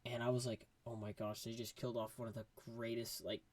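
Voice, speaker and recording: Talking briskly at medium pitch, a young man gives a casual, slang-filled movie review, eagerly acting out lines from scenes.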